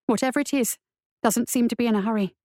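Lady playing a no-nonsense guard woman, quick clipped talk, dry sound. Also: a little high, darkish tone, no echo, lightly acted. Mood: brisk. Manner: brisk, matter-of-fact. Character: calm, seasoned female caravan guard.

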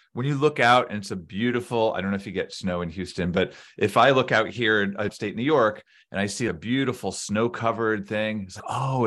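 A man's voice: fairly low pitch, a bit bright. A man co-hosting a casual podcast chat, reflective and explaining his ideas with everyday examples.

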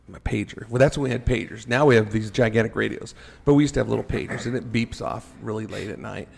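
A middle-aged man telling a story on a podcast, animated and joking as he goes. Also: lowish voice, creaky, breathy edge. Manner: animated storyteller, jokey asides. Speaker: podcast guest. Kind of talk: casual storytelling.

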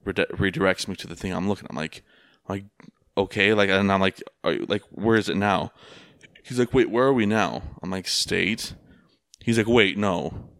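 A man's voice: low voice, normal speed, vocal fry, a bit bright, dry recording, clean studio sound. A young man telling a rambling story in casual chat, full of fillers and swearing. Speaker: rideshare driver.

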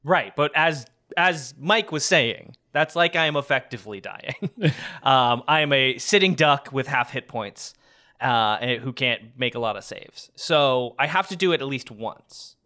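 A man's voice: medium pitch, lively intonation, measured pace, pushed and bright. A man playing a tabletop game, laughing and strategizing in casual chat. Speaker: player.

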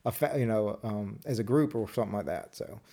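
A man's voice: lowish voice, lively intonation, brisk, dark tone, breathy edge. A man co-hosting a podcast in casual chat, rambling and restarting his sentences. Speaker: podcast co-host.

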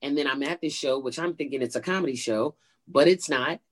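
A woman stand-up comedian tells a story in an interview. She is animated and jumps high in pitch when she acts out quotes. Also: fairly quick, breathy edge.

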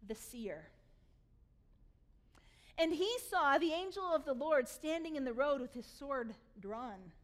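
Woman pastor, high voice, animated sermon storyteller who reads scripture then retells it with humor.

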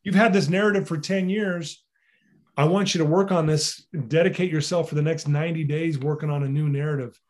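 Male coach on a podcast, earnest, a touch high-pitched, repeats himself to drive a point home. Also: fairly even intonation, fairly quick. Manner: earnest, repeats phrases for emphasis. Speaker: mental fitness coach. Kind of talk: podcast guest conversation.

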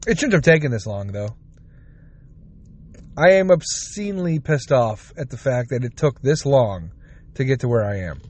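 A man's voice: medium pitch, expressive, normal speed, pauses often, a little mellow. A man hosting a casual solo podcast, rambling and swearing as he retells conversations, tired and yawning. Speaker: podcast host.

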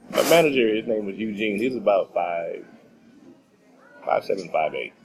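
A middle-aged man from Texas telling a story as a radio guest, animated and laughing often. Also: lowish voice, moderate pace, faint music behind, rough recording. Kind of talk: casual storytelling.

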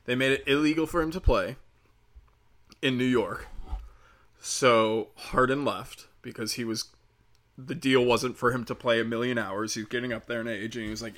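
A man's voice: mid-range voice, steady tone, normal speed, fairly bright tone. A young man ranting angrily as a podcast host, swearing heavily and raising his voice in frustration. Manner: heated, profane, ranting. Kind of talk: angry opinion rant.

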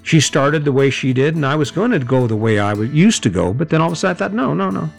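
A middle-aged man giving a high-energy, conversational motivational talk, often correcting himself mid-sentence. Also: animated, quick pace, soft background music. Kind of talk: motivational monologue.

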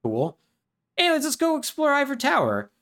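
A man doing a high, carefree, clueless game-hero kid, lively sing-song. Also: brisk, heavily acted. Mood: breezy. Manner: breezy and offhand. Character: eager, clueless young boy hero.

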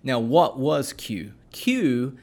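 A man's voice: mid-range voice, very animated, a little mellow. A man in casual conversation, explaining at an easy pace with frequent fillers and restarts, like a co-host teaching on a talk show. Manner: unhurried, with many fillers and restarts. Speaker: podcast co-host explaining scripture.

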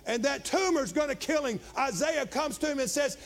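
A man preaching a sermon as pastor, retelling a scripture story, swinging from loud shouted passages to quiet, low storytelling. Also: animated, normal speed.

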